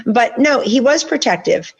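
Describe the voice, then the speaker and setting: A woman's voice: fairly high pitch, animated, a little slow, gravelly, husky, highs cut off. A woman guest author in a political interview, making her points in long, insistent runs.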